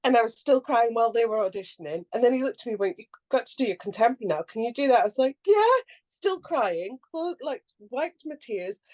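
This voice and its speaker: A woman's voice: fairly high pitch, quick pace, hardly any pauses. A young adult woman actor chatting casually on a podcast, telling stories with lots of laughter and acting out what people said. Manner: animated storyteller who acts out quotes and laughs often.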